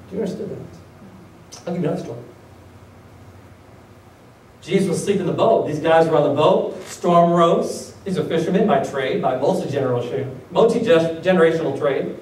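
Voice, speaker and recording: With lively intonation and a darkish voice on the high side, a pastor delivers his sermon at a moderate pace, voicing the people in his stories and asking the congregation one rhetorical question after another. The sanctuary echoes, the mic is far away, and there's slight background noise.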